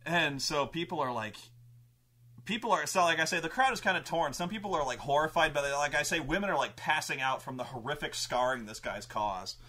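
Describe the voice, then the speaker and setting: A man's voice: on the high side, animated, brisk, bright, forceful tone. A man telling a rambling, profane story about a tabletop campaign he ran as game master.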